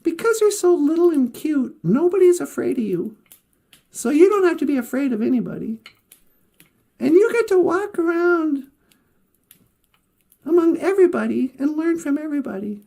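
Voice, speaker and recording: A woman doing a gentle, wise male Great Spirit. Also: high voice, expressive, normal speed, pauses often. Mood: reassuring.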